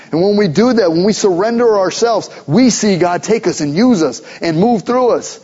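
A man with a high voice delivers an earnest sermon, hammering his points home through repeated phrases. The recording sounds dull and lo-fi. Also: a little mellow. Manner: earnest, repetitive emphatic preaching. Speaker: pastor.

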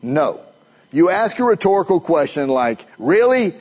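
A man's voice: a little high, expressive, moderate pace, darkish tone, highs cut off. A man preaching a sermon in a conversational way, asking his listeners questions as he goes. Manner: conversational, asks the audience questions.

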